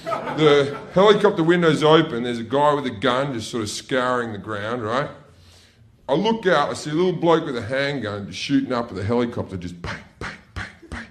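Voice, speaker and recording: On a comedy club stage, a middle-aged comic delivers his stand-up in a brash, profane style, erupting now and then into sudden shouts. He speaks at medium pitch, expressively and a little fast.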